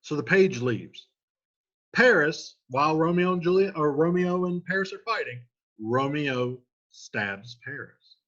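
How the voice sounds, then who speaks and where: Husky-voiced man explaining a play. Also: fairly high pitch, animated, measured pace, fairly bright tone, muffled recording. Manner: casual, retelling in everyday slang. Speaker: teacher.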